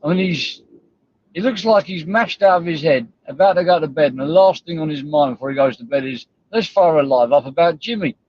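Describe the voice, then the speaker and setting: A man's voice: a little high, a little fast, dry recording, muffled recording. A man ranting on a livestream, sweary, confrontational and rambling. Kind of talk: livestream rant.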